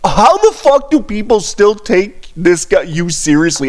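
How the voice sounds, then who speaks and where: High-pitched man ranting, swearing. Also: sing-song, a little slow, hardly any pauses, darkish tone. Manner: profane, exasperated, mocking ranting. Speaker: reaction commentator. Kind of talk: ranting video reaction.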